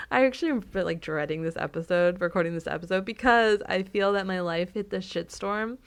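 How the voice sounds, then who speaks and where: A young woman co-hosts a podcast in an easy, chatty way. She laughs often and jumps from excited bursts back to flat, dry asides. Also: medium pitch, normal speed, clean tone. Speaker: podcast co-host. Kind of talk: casual chat.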